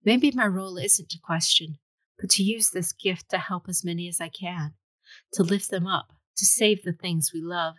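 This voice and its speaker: A woman voicing a calm, distant young warrior woman who speaks in measured tones. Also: lowish voice, dry recording, close to an everyday voice. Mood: gentle.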